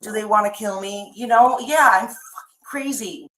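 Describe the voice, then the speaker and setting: A woman's voice: mid-range voice, normal speed. A woman in police custody talking anxiously and pleading with officers. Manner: anxious, pleading, shouts in protest. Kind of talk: distressed conversation with police. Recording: roomy bodycam audio.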